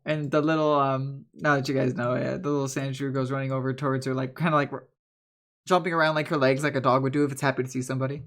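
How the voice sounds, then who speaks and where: A man's voice: medium pitch, flat delivery, quick pace, a bit bright. A man narrating a tabletop game as its game master, loose and rambling with many fillers.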